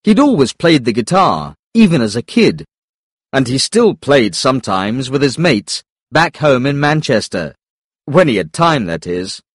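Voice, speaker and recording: A man reading a story aloud in clear, deliberate audiobook narration. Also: mid-range voice, big pitch swings, no room sound, studio quality.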